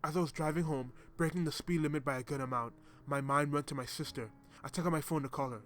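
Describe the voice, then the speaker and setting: A man narrating a horror story as a scripted reading, in a steady, dramatic storytelling manner. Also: a little high, fast. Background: faint music.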